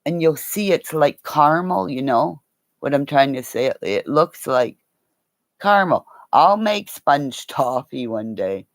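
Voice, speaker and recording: Slow, rambling woman. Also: deep voice, expressive, no echo. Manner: rambling, chatty, laughs often, swears. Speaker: livestream host. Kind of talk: casual livestream chat.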